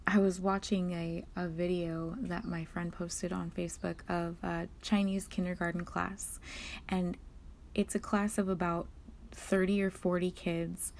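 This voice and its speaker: A woman's voice: flat delivery, measured pace, a little mellow, slight background noise. A woman speaking earnestly and emphatically in a casual monologue about prophecy. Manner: earnest, emphatic, quotes kids in high voices. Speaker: religious commentator.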